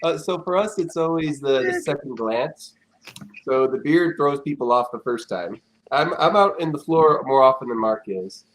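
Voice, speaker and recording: A relaxed man chatting on a stream as a guest, his voice rising and falling freely. He tells his story in a loose, easygoing way. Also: mid-range voice, normal speed, a little hiss or hum. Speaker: guest, former competition contestant. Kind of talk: casual chat on a live stream.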